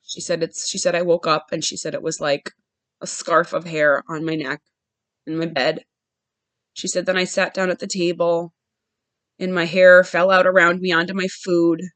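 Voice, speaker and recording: A woman's voice: lowish voice, flat delivery, moderate pace, a bit bright, no room sound, poor audio. A woman hosting a podcast, sharing a personal story in an earnest, heartfelt way with frequent restarts. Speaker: podcast host.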